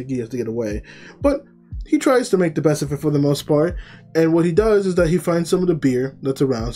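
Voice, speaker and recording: Mellow-voiced man rambling through a recap. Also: medium pitch. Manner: rambling, with many fillers and self-corrections. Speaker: anime reviewer. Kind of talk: casual episode recap.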